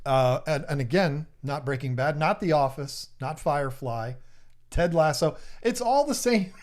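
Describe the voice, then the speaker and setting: A man's voice: on the high side, lively intonation. A man with a drawl chats casually on a live stream. He teases his viewers in a playful, bantering way and reels off their guesses one after another. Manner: playful, teasing, lists guesses rapidly. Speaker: livestream host.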